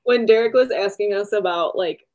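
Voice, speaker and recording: A young woman co-hosting a book podcast, chatty and laughing, with quick reactions. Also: mid-range voice, a little mellow. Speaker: podcast co-host. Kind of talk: casual chat.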